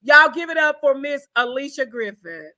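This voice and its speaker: A woman's voice: sits high, very animated, moderate pace, sharp tone. A woman hosting a casual interview, chatty and effusive. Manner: chatty, effusive, says y'all. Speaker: talk show host.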